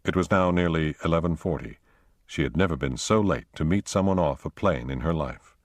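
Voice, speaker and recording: A man reading a thriller audiobook aloud in a measured, steady narration. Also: rumbling low, no room sound. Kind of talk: scripted narration.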